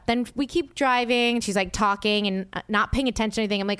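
A young adult woman hosting a casual podcast, telling a story in a lively way and acting out the quotes. Her voice is smooth and clear. It is recorded close and dry. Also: mid-range voice, fast, no room sound. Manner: animated, acts out quotes, swears freely. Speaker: podcast host.

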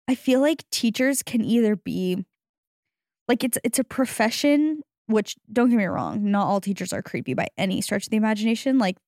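A woman's voice: fairly high pitch, darkish tone, no room sound, studio quality. A young woman co-hosting a casual chat podcast who reacts sympathetically and shares her own stories. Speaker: podcast co-host.

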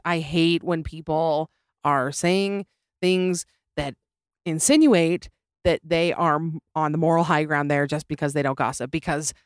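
Her low voice comes through without echo, recorded up close in a small room. She's a young comedy podcast host giving a casual monologue, sarcastic and opinionated, and quick to laugh.

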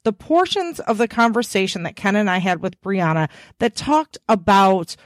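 A woman's voice: medium pitch, big pitch swings, moderate pace, no echo, studio quality. Cheeky, tired woman podcast host. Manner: playful and cheeky, swears freely. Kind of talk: casual solo podcast chat.

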